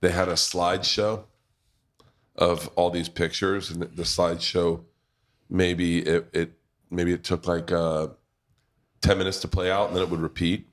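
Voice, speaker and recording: Low-voiced man telling rambling stories. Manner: rambling storyteller, swears, laughs often. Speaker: podcast host. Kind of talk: casual storytelling chat.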